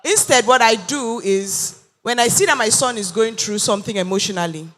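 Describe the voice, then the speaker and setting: A woman talks in a bright, crisp tone. She makes her points earnestly and with emphasis, in the back-and-forth of a panel discussion. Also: fairly high pitch, brisk. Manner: earnest, emphatic, acts out quoted voices. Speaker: panel guest.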